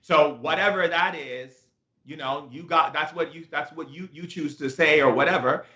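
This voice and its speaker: A man's voice: a little high, normal speed, bright, forceful tone. A man teaching a spiritual self-help talk, emphatic and repetitive with playful asides. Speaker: shaman teacher. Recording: echoey room, dull lo-fi sound.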